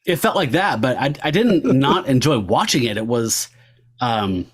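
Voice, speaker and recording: Guy hosting a movie podcast, rambly, tons of likes and ums, middle pitch. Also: animated, normal speed, slightly rough. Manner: rambling, heavy on filler words. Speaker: podcast host. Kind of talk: casual film podcast chat.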